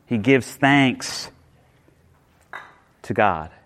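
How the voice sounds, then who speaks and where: A man's voice: medium pitch, expressive, very slow, fairly bright tone. A male pastor preaching a sermon, emphatic, often repeating words and restarting phrases.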